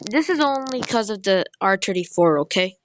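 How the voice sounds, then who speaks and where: Playing on her phone as she talks, a young game reviewer gives animated, rambling commentary on mobile games at normal speed. Her voice is medium-pitched, and music can be heard behind her.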